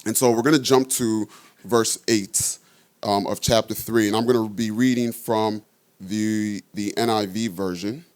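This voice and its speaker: A man's voice: fairly low pitch, fairly even intonation, unhurried, clean tone. A man preaching a conversational sermon, reading scripture aloud and often checking in with his listeners.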